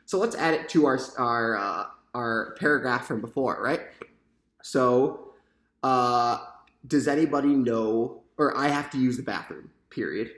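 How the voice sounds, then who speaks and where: A man's voice: mid-range voice, a little slow, fairly bright tone. Man teaching a lesson in an echoey room. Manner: explanatory, asks the class questions, frequent "right?". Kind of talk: sample classroom lesson.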